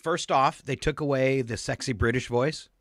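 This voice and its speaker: A man's voice: medium pitch, normal speed, no echo. A man co-hosting a morning radio show, chatting casually and telling stories with frequent laughter. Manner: animated storyteller, laughs often. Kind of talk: casual on-air banter.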